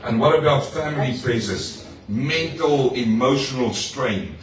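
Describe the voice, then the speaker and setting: A pastor preaching to his congregation, lively and personal, with playful asides and questions to the room. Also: mid-range voice, a little slow, a little hiss or hum. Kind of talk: sermon. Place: church hall. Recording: echoey hall, mic far off.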